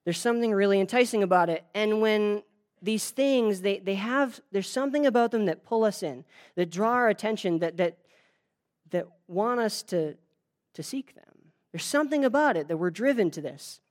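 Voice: medium pitch, lively intonation, normal speed. A preacher giving a sermon in a conversational way, telling a folk tale and addressing the audience directly, with frequent restarts and fillers. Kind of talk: sermon with storytelling.

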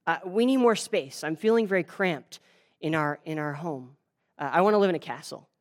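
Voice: mid-range voice, moderate pace, close to an everyday voice. A speaker voicing a fisherman's greedy demanding wife. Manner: insistent, demanding. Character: poor fisherman's greedy, never-satisfied wife.

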